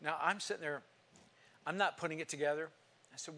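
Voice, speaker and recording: A man's voice: on the high side, a little fast, pushed and bright. A man preaching a sermon, telling a story and putting questions to the congregation.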